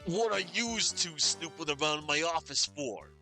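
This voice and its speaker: A man's voice: on the high side, animated, unhurried, pushed and bright, faint music behind, heavily acted. A man voicing a menacing male gangster boss with growling, slangy tough-guy threats, while reading a game aloud.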